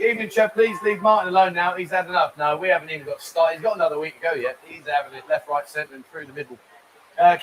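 A man's voice: sits high, fairly bright tone, a little hiss or hum, low-quality recording. A man hosting a live stream from a bar lounge, chatting casually, reading viewer comments aloud and cracking cheeky jokes. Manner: cheeky, rambling, jokey. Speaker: live-stream show host.

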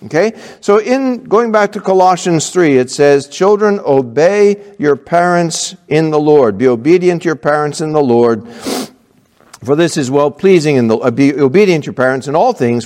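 A man preaching a sermon as pastor, animated and acting out little scenes between kids and parents. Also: on the high side, normal speed, long reverb tail.

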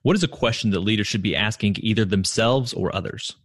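A man hosting a podcast interview, asking questions in a measured, reflective way. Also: on the low side, no room sound, clean studio sound. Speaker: podcast host.

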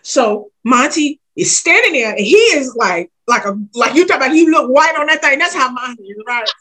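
A woman casually telling a story in an animated, emphatic way. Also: high-pitched, normal speed. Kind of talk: casual chat.

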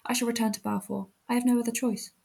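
A woman's voice: fairly high pitch, steady tone, quick pace, creaky, darkish tone, husky. A woman reading the lines of a timid young widowed countess, morose and wistful.

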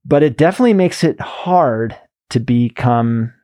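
A man's voice: mid-range voice, lively intonation, moderate pace, mellow. Male podcast host, casual and loose, mid-range voice. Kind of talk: podcast conversation.

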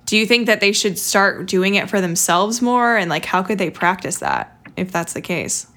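Young woman hosting a podcast, bright forceful voice, chatty and reflective, says like a lot. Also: medium pitch, big pitch swings, moderate pace. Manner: chatty, reflective, lots of "like" and "you know". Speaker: podcast host. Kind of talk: casual podcast conversation.

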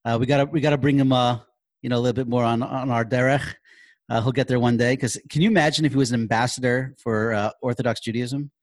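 A man's voice: mid-range voice, steady tone, quick pace, no echo. A man hosting a casual interview, asking questions in an enthusiastic, affirming way. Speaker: podcast host.

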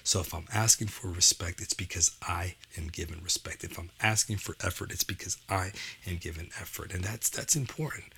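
Male educator, motivational talk, conversational; bright, gravelly delivery. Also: deep voice, fairly quick, hardly any pauses, slight background noise. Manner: conversational, frequent "you know" and "okay?" check-ins. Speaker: educator and father. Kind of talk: motivational talk to parents and teachers.

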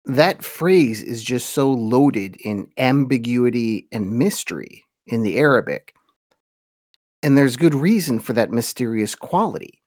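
A man hosting a podcast, giving an informal lecture on religious history and slowing down to read quotations with weight. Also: medium pitch, expressive, a little mellow, no echo, studio quality.

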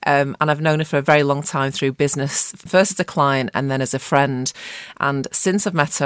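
A woman's voice: deep voice, a bit bright, smooth, no echo. A woman hosting a podcast, reading a scripted introduction and then chatting with her guest. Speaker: podcast host.

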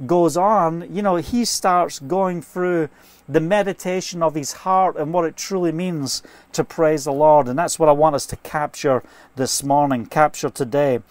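A man's voice: a little high, fairly even intonation, a little slow, dry recording. A man preaching an informal sermon, earnest and fervent, telling stories and quoting scripture, speaking from inside a trailer.

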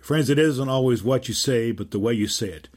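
A man hosting an inspirational podcast, giving an earnest faith-based teaching and telling stories, slowing down to stress key phrases. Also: mid-range voice, darkish tone. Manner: earnest, with slowed emphatic phrases and storytelling. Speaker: podcast host and Christian teacher.

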